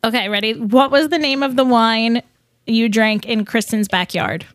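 Brisk woman quizzing, dry sound. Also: a little high, dry recording. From Long Island, New York. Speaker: podcast producer running trivia. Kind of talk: quiz hosting.

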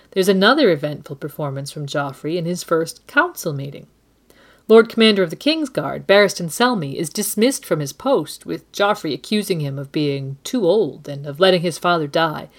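A woman co-hosting a book discussion podcast, narrating expressively and reading quotes aloud. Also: on the low side. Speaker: co-host.

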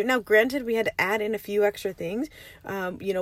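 A woman in her thirties with a raspy just-woken voice, hosting a casual solo podcast from a parked van, rambling and chatty with frequent laughs. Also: medium pitch, fairly even intonation, normal speed, dry recording. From Arizona, USA. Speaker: podcast host.

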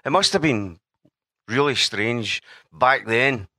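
Glaswegian man from the audience, chatty and joking, bright voice, dry close sound. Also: mid-range voice, expressive, takes it slowly, no echo. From Glasgow, Scotland. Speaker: audience member asking a question. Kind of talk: audience question at a Q&A.

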